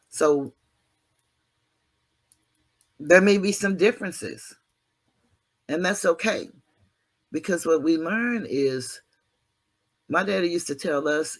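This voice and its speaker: Male vlog host, motivational monologue; preachy, down-to-earth, self-mocking. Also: fairly high pitch. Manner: preachy, earthy, self-deprecating, mild cursing. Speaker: channel host.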